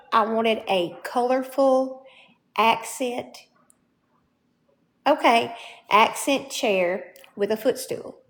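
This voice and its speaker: A woman giving a casual show-and-tell of her home furnishings, chatty and often checking in with the viewer. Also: a little high. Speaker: home vlogger. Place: indoors at home.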